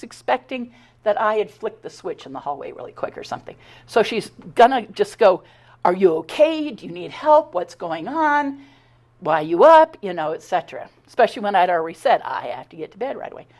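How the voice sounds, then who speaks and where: A middle-aged woman giving a talk, telling her own story in an animated, conversational way, acting out the dialogue and often stumbling and restarting. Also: lowish voice, husky. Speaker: speaker giving a talk on her abduction experiences. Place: talk at a spiritual center.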